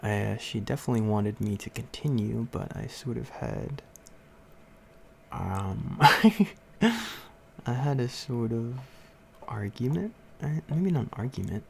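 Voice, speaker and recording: Young man, livestream host, casual storytelling, gravelly low voice, faint background hiss. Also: animated, slow pace, long pauses. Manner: rambling, laughs often, many fillers.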